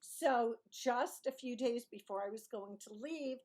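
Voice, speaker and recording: A woman's voice: fairly high pitch, unhurried, a little mellow. Chatty woman from Brooklyn telling a story. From Brooklyn, New York. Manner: chatty, digressive, self-correcting, laughs often. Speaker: YouTuber. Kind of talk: casual storytelling to camera.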